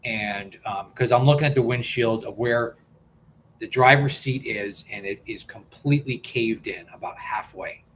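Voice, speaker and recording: An earnest male host telling a personal story at an ordinary, middle pitch. He circles back and repeats words as he builds up the tension, sounding sincere rather than polished. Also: moderate pace, fairly bright tone, a little hiss or hum. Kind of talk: personal storytelling on a talk stream.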